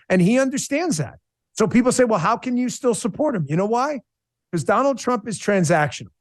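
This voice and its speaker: High-voiced man telling an emotional story. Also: no echo, studio quality. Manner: emotional, animated storytelling with restarts; blunt and combative. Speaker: guest. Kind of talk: podcast interview.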